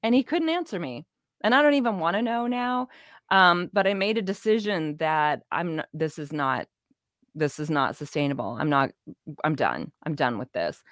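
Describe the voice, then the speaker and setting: A middle-aged woman, a guest in an interview, telling her life story in a casual, animated way, acting out quoted dialogue and laughing often. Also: sits low, normal speed, dry recording, clean studio sound. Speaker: interview guest, business owner.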